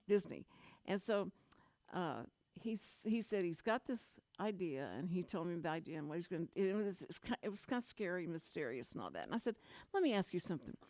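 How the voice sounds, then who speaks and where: Fairly low in pitch with a darkish tone and no echo, this woman is a middle-aged Texan hosting a radio chat show. In casual on-air talk from the studio, she wanders through her stories, restarting again and again.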